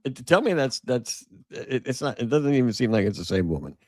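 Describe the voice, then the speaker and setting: A man's voice: medium pitch, big pitch swings, brisk, a little mellow, no echo, clean studio sound. A male podcast host giving casual commentary, reading an article aloud with sarcastic, rambling asides.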